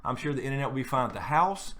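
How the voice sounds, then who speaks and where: A man's voice: mid-range voice, animated, racing, fairly bright tone. A man hosting a late-night live stream, chatting casually and rambling with many fillers and restarts.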